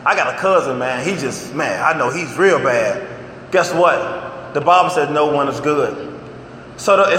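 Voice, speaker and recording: A man's voice: sits high, bright, forceful tone, slight background noise. A middle-aged man preaching a sermon to a seated crowd, driving his points home with repeated question-and-answer cries. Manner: emphatic call-and-answer questions. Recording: roomy hall with long reverb.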